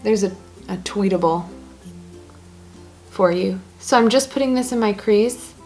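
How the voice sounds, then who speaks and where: A woman's voice: medium pitch, a little slow, darkish tone, faint music behind. A woman casually talking through her makeup routine step by step, chatty and joking as she goes. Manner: chatty, self-narrating each step; joking asides. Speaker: beauty blogger.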